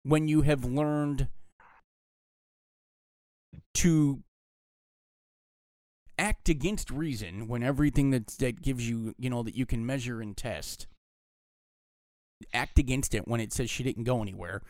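A man co-hosting a podcast, talking through a film in a hushed, thoughtful, opinionated way. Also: medium pitch, dry recording. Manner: speaking quietly, holding back his voice. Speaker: podcast co-host. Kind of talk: casual film discussion.

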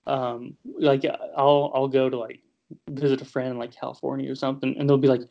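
A man's voice: mid-range voice, level tone, brisk, creaky. Hesitant Southern man, muffled audio. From American South. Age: 30s. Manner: hesitant, many fillers and restarts. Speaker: filmmaker guest. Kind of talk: casual interview chat.

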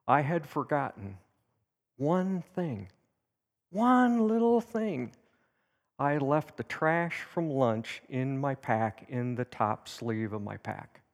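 A man's voice: medium pitch, long reverb tail. A man teaching at a church service, telling a personal story in a folksy way and acting out the quotes. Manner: anecdotal, folksy, with lively acted quotes. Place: church sanctuary.

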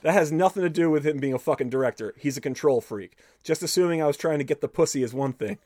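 A man hosting a podcast, reading an interview aloud with animated, profane storytelling and cutting in with his own comments. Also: fairly high pitch, quick pace, no room sound. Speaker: podcast host.

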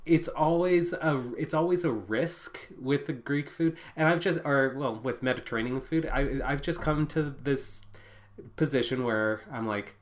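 A podcast host in casual chat, leading the talk with hesitant restarts. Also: medium pitch. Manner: unhurried, hesitant, lots of restarts.

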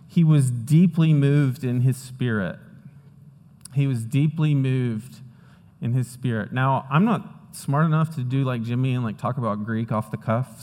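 A pastor giving a sermon in a conversational way, often checking in with "right?" and "okay?". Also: male voice, mid-range voice, darkish tone, long reverb tail.

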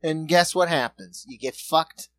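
A man in his thirties cracking quick, profane jokes in casual comedic chat as a podcast co-host. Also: fairly high pitch, a bit bright, dry recording. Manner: quick joking interjections, swears freely.

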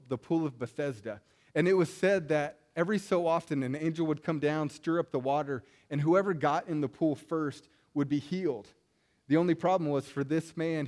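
A man's voice: on the high side, darkish tone. A man giving a conversational sermon, retelling stories in a casual way and often checking in with "right?". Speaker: preacher.

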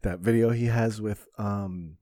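A man hosting a podcast, telling stories in casual chat, animated and full of swearing. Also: lowish voice, unhurried, no echo, studio quality. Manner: profane, animated storyteller. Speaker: podcast host.

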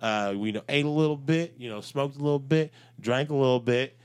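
A man's voice: mid-range voice, fairly quick, a little mellow, clean tone. A man co-hosting a podcast, telling stories in rambling casual chat, full of fillers and swearing. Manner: rambling storyteller, swears freely, many fillers. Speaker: podcast co-host.

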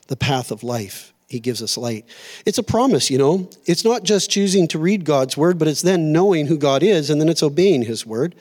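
In a church auditorium, a middle-aged male pastor delivers a sermon that feels conversational and story-driven, sprinkled with self-deprecating humor. His voice sits at a medium pitch and is a little mellow.

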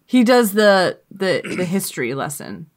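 A woman's voice: lowish voice, big pitch swings, unhurried, a crowd in the background. A young woman co-hosting a casual chat, chiming in with enthusiasm.

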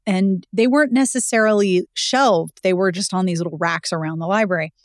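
Wry woman in her 40s telling stories on a podcast, dry close sound, no room echo. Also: on the low side. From Pittsburgh, USA. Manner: wry, storytelling, quick asides. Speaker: podcast guest, romance novel expert. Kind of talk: casual podcast chat.

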